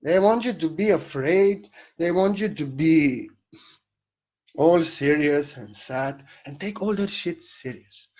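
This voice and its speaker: A man's voice: fairly high pitch, expressive, takes it slowly, a little mellow, lo-fi sound. A man giving a spiritual monologue in a playful, irreverent way, swearing casually.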